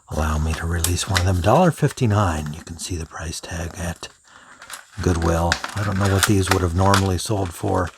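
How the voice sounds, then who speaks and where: A man reviewing pens in an unhurried, thinking-aloud way, now and then dropping into soft whispered asides. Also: sits low, gravelly, heavy background noise. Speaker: pen reviewer. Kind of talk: unscripted product review.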